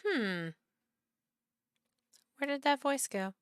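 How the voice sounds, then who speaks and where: A woman's voice: high voice, animated, slow, dry recording, studio quality. A woman streamer playing a horror game, chatting, reading the on-screen text aloud, and talking back to the characters.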